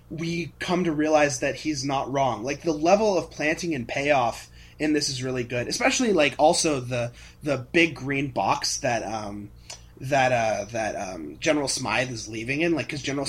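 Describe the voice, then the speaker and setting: A man co-hosting a casual fan podcast, animated, laughing often as he retells scenes. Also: fairly high pitch, husky. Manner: animated, laughs often, acts out characters' lines. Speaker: podcast co-host.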